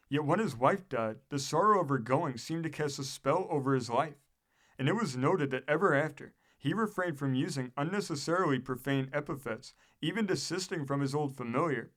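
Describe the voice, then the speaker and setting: A man reads a historical book aloud as an audiobook narrator. His voice sits a bit high for a man, and his delivery is measured and steady.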